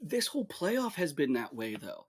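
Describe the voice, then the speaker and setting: Podcast co-host, young man, a little higher-pitched, sarcastic and deadpan. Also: moderate pace, a crowd in the background. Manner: sarcastic, joking, deadpan rants. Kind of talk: casual chat.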